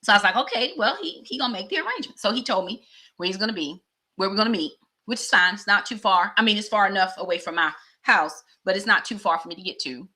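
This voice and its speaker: A middle-aged woman vlogger telling a personal story in a chatty, animated way. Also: medium pitch, fast talker. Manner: chatty, animated, acts out dialogue.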